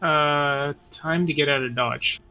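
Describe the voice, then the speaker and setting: A man's voice: a little high, fairly even intonation, slow pace, clear, resonant tone, lo-fi sound. A man playing in a tabletop game, thinking aloud hesitantly with lots of fillers. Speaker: player. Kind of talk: casual tabletop game chat.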